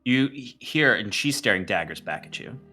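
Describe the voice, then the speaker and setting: A man narrating and running a tabletop game as game master, in a relaxed, halting way. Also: on the low side, faint music behind.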